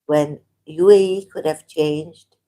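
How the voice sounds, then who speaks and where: A woman from Pakistan hosting a livestream, reading viewer comments and reacting with halting speech, many fillers and restarts, and shocked exclamations. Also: low-pitched, steady tone, warm tone. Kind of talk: casual livestream talk.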